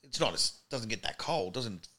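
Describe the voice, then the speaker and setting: A man's voice: medium pitch, moderate pace, crowd noise. A man with an Australian accent, chatting as a guest on a studio podcast and acting out the people he tells stories about. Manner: animated storyteller who acts out quotes. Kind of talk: casual chat.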